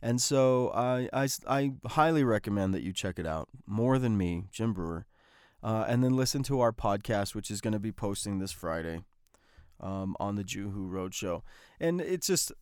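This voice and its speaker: A man talks through his week on his own podcast in a loose, rambling way, full of fillers and restarts. His voice sits low and sounds smooth and clean. The recording is dry, with no room sound. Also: expressive, moderate pace, no echo. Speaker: podcast host. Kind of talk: casual solo podcast talk.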